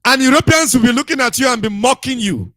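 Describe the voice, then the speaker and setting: High, bright-voiced preaching man. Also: lively intonation, fast talker, no room sound. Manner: repetitive, emphatic, scolding. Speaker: radio broadcaster. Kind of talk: preaching monologue.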